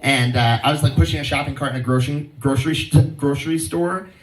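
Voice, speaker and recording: Fast-talking and fairly high-pitched, this Hawaiian man delivers a stand-up set outdoors to a live audience. He spins relaxed stories and voices the people he quotes loudly. He was captured from a distance, so the sound is echoey, off-mic, and full of crowd noise.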